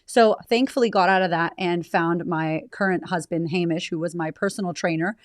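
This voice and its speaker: Low, dry-voiced candid woman. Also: dry recording. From United States. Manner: frank, reflective, fast bursts with casual swearing. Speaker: guest. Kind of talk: candid conversational interview.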